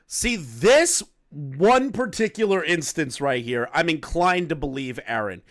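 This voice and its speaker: A male commentary host reacts to a clip with blunt, casual remarks and frequent swearing. His voice sits slightly high for a man. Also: lively intonation, unhurried. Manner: blunt, profane, casual opinions. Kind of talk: drama commentary over a clip.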